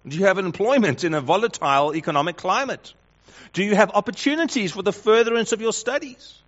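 A man preaching a sermon, building through rhetorical questions and swinging between loud emphasis and hushed lines. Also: high voice, a little fast. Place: church hall with congregation. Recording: dull lo-fi sound.

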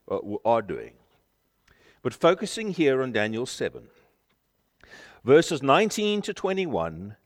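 Male preacher, sermon delivery, emphatic with forceful peaks, mid-pitched voice, long church-hall reverb. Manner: emphatic, rising to forceful declarations.

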